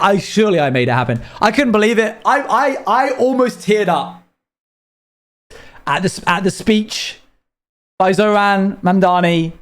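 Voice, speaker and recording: A man's voice: sits high, animated, measured pace. A British man from the UK chatting casually on a live stream, rambling as he reads chat messages aloud and answers them. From United Kingdom.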